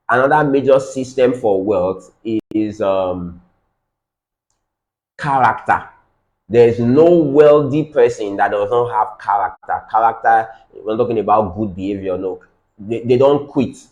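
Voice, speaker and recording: A man's voice: medium pitch, darkish tone, rough recording. Emphatic Nigerian man teaching a business class. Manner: repeats key phrases for emphasis, quizzes the audience. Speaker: business trainer. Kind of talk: business training lecture.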